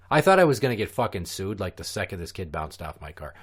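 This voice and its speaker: A man hosting a podcast, telling a story in a casual, animated, profane way. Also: low-pitched, fast talker, husky. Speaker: podcast host.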